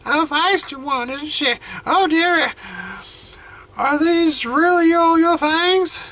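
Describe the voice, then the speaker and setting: A man voicing a frail, tender elderly grandmother in a game, with a high, quavering old-lady voice and slow, drawn-out lines. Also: bright, forceful tone, full character voice, low-quality recording. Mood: fussing.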